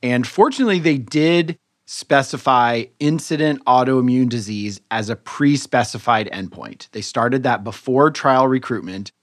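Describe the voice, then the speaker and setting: A man of middle pitch talks through a medical study in a relaxed, explanatory way, often stopping to rephrase. The close recording is dry, with no room sound around him. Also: unhurried, hardly any pauses, no echo. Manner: explanatory, relaxed, thinks aloud with restarts. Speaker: podcast co-host physician reviewing papers. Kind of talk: conversational medical journal review.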